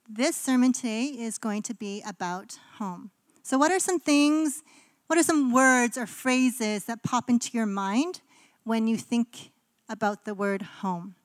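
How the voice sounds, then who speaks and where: A woman's voice: a little high, a little slow, no room sound. A woman pastor from Canada giving a conversational sermon in a casual, chatty way, with frequent ums and likes.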